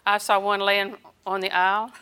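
A woman's voice: medium pitch, flat delivery, normal speed, bright, forceful tone, smooth. An older woman preaching a sermon, telling homespun personal stories and chuckling between them.

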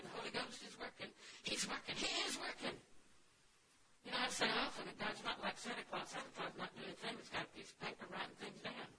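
A woman preaching a sermon, shifting between soft, homely storytelling and loud, emphatic declarations. She drops in folksy, humorous asides along the way. Her voice is picked up from well away from the mic, under heavy background noise. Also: medium pitch, distant mic.

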